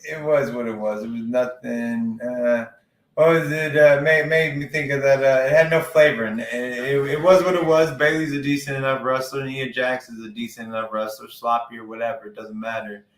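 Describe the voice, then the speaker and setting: A man in casual conversation, rambling through his opinions with plenty of swearing. His voice sits in a roomy space with a clear echo behind it. The pitch stays at an ordinary middle level for a man. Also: steady tone, moderate pace. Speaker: podcast co-host. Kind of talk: casual wrestling chat.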